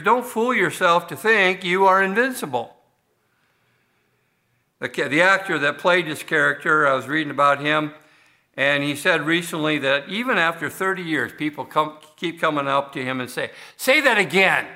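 A man's voice: a little high, normal speed, bright, forceful tone. A man preaching a sermon as pastor of a church, talking conversationally with frequent restarts and fillers.

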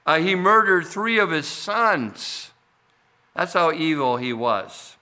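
A man preaching a sermon, explaining scripture in a measured way with frequent fillers and restarts. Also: on the high side, big pitch swings, bright, forceful tone. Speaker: pastor.

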